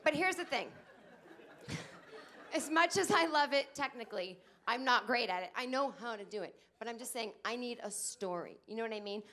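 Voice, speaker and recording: A woman in her late thirties doing a stand-up comedy set on a club stage, acting out other people's lines in shrill put-on voices. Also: fairly bright tone. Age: 30s.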